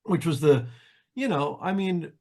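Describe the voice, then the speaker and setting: A man's voice: on the high side, unhurried. An older man from New Jersey, a jazz pianist who is a guest on an interview show, telling stories casually with lots of restarts and acted-out quotes. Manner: animated anecdotes, acts out quoted voices, frequent restarts. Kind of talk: casual storytelling.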